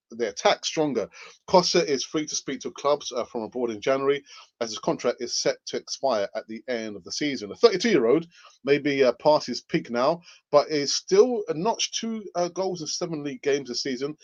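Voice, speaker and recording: A man's voice: mid-range voice, a little mellow. A man hosting a casual football news show, who laughs often and repeats himself, heard through muffled lo-fi audio. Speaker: fan channel host.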